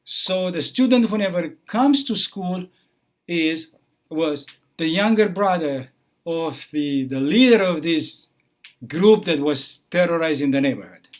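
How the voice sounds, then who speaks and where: A man telling a personal story in a halting way, full of pauses and fillers, slowing down for tension. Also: on the high side.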